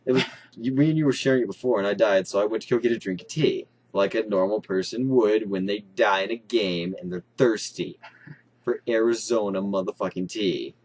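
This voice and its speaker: A young man co-hosting, telling a funny story in a casual, excitable way, swearing often. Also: lowish voice, a little fast. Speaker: co-host.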